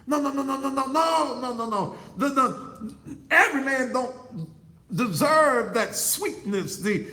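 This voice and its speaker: High-voiced man preaching fiery advice. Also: expressive, a little slow, bright, forceful tone. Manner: emphatic, repeats words in bursts, swoops up high; blunt, street-talking advice. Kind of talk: fiery preaching-style monologue. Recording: roomy, echoey sound.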